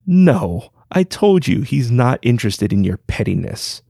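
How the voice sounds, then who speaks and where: A man's voice: medium pitch, sing-song, measured pace, creaky, dark tone, slightly rough, no echo, clean studio sound, voice pushed up, heavily acted. A man voicing a playful old male sage who giggles and teases. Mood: teasing. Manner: playful, knowing.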